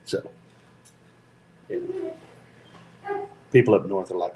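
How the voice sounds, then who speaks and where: Slow-drawling Tennessee man. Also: medium pitch, a little mellow, a little hiss or hum, poor audio. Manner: slow-talking, frequent ums, easygoing and joking. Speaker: FPV drone channel host. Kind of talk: casual livestream chat.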